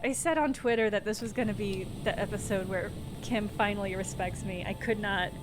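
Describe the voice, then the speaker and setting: A woman streaming a video game live, chatting in a self-mocking, giggly and animated way. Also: medium pitch, fairly quick, noisy background.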